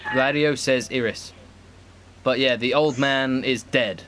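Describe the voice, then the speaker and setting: A man's voice: medium pitch, fairly even intonation, slow, fairly bright tone, slight background noise. A man streaming a video game, chatting casually with friends and swearing freely as he rambles. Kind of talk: casual chat over gameplay.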